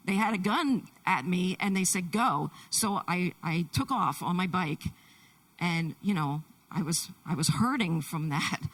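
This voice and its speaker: Woman interpreter, lowish voice, halting first-person testimony, distant church mic. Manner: halting, with many restarts. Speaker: sign language interpreter. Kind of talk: voicing a Deaf man's testimony in first person.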